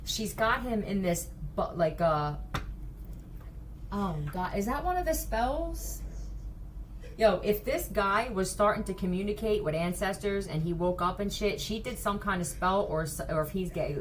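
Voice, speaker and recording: A woman's voice: mid-range voice, expressive, a little slow, slight background noise. A woman with a Philadelphia accent doing a tarot card reading vlog, talking in a blunt, profane, rambling way from a hotel room. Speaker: tarot reader.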